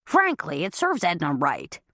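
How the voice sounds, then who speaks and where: A woman's voice: low voice, wildly swooping pitch, unhurried, fairly bright tone, dry recording, studio quality, exaggerated voice. A woman voicing a proud, stubborn older father who is cheerfully oblivious, in a storybook reading. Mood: grumbling. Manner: boastful, cheerful.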